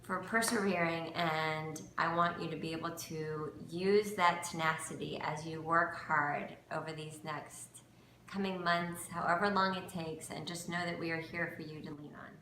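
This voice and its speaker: A woman with a very low voice speaks sincerely and encouragingly. Her words carry an echoey room sound over a faint hiss. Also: fairly even intonation, normal speed, pushed and bright. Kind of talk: heartfelt thank-you message.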